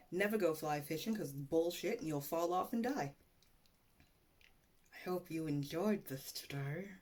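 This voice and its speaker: Low, slow-talking woman telling a story. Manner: profane, rambling, self-mocking. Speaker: podcast host. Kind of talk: casual storytelling monologue.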